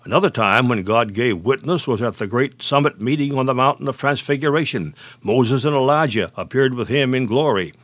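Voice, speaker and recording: A man preaching a sermon, measured and deliberate, slowing and dropping low on key phrases. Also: a bit bright, dry recording.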